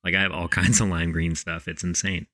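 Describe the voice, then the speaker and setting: Male co-host, Texan accent, deep but bright voice, enthusiastic casual chat. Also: level tone, brisk. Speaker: podcast co-host.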